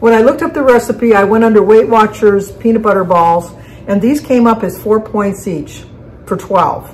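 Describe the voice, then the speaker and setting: A woman's voice: mid-range voice, moderate pace, a little hiss or hum, poor audio. A woman hosting a casual home cooking video, chatty and correcting herself mid-sentence as she explains each step in her kitchen. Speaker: cooking channel host.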